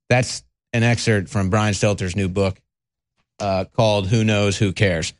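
A man's voice: fairly low pitch, fairly even intonation, unhurried, dry recording. Rambling male talk host, dry sound. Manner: rambling and conversational, talks to the audience directly. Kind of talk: casual political commentary.

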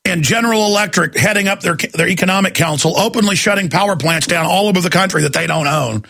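A man hosting a talk radio show, ranting angrily, often shouting at his listeners. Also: high-pitched, fast, gravelly. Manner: angry, shouting, accusatory. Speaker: radio host.

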